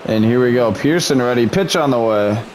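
A man's voice: mid-range voice, lively intonation, moderate pace, slight background noise. A man doing mock broadcaster play-by-play over his own video game, slipping into muttered frustration between calls. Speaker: gaming YouTuber. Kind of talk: play-by-play commentary while gaming.

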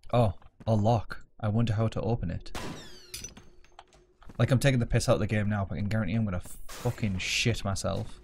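A man's voice: lowish voice, creaky, a little mellow, a little hiss or hum. A man playing a game at his home desk, joking, swearing and mocking himself as he plays. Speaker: let's play gamer. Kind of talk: casual gameplay commentary.

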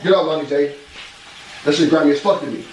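Vlog husband, loud and cursing, recorded far off in a roomy space. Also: male voice, on the high side, fast talker, a little hiss or hum. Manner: loud, profane, disbelieving outbursts. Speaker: husband vlogger. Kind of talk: casual prank reaction. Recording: echoey room from a distance, music.

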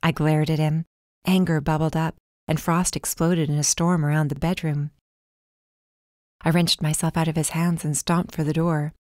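A woman narrating a first-person audiobook in a calm, measured way. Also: deep voice, no room sound, clean studio sound.

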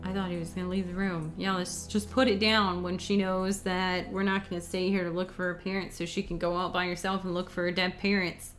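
A woman's voice: lowish voice, level tone, fairly quick, hardly any pauses, soft background music. A woman commenting casually on a story game as she plays, blunt and swearing freely, and talking to her pet in between. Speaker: let's play gamer.

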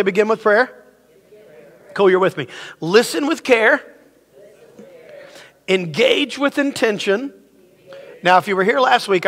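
High-voiced preacher in a reverberant hall. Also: male voice, fairly bright tone. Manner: conversational, joking with the congregation; leads call-and-response. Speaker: pastor. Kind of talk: sermon. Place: church sanctuary.

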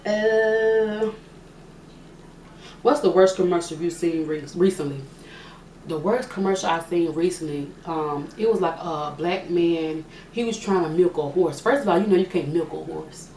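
A woman's voice: on the low side, unhurried, dark tone. A young woman casually answering questions for her vlog, chatty and joking, often thinking aloud. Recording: echoey room, mic at a distance, faint hiss.

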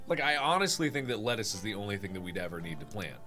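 A man chats through a farming game on stream. His pitch rises and falls freely as he jokes, then works out his plans out loud. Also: big pitch swings, fast, faint music behind. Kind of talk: casual gameplay chat.

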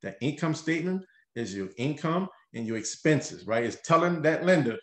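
A man, a mortgage lender hosting a radio show, explaining loans step by step in an energetic, conversational way, often checking in with "right?". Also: on the high side, normal speed, roomy sound. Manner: energetic, explains things step by step, keeps tagging lines with "right?".

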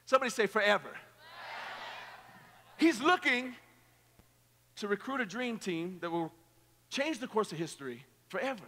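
A man preaching an energetic youth sermon, joking with the crowd and leading call-and-response. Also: high voice, normal speed, pauses often, slight background noise. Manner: playful, joking, rallying the crowd. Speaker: pastor. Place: large hall at a youth camp. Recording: echoey hall.

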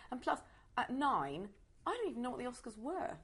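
A woman in her forties with a West Country English accent chats casually as an interview guest. Her voice is a little high and sing-song, slightly fast with a breathy edge, and her manner is theatrical and self-mocking.

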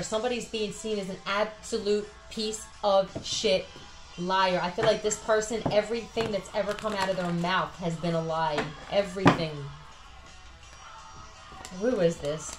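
Philly woman doing a tarot reading, swears a lot, tired, echoey room with soft music under it. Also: mid-range voice. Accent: Philadelphia. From Philadelphia area. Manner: blunt, profane, chatty. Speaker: tarot reader. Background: faint music.

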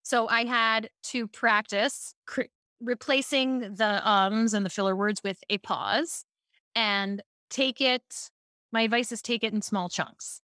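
A woman's voice: a little high, takes it slowly, clear, resonant tone, no echo, clean studio sound. A woman from Baltimore, a speaking coach, telling stories in a casual podcast interview and acting out quotes. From Baltimore, USA. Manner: animated storytelling, acts out quotes.

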